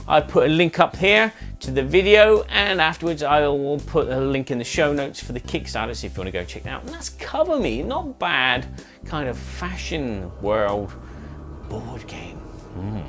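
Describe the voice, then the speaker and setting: A man with a fairly high, fairly bright voice hosts a casual board game review video. He explains the rules in a chatty, rambling way, full of fillers and self-corrections, like a relaxed monthly review chat.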